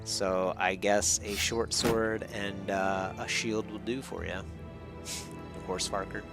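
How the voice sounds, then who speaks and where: A man's voice: fairly low pitch, steady tone, takes it slowly, creaky. Casual, chuckling gamer guy. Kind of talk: let's play commentary. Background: faint music.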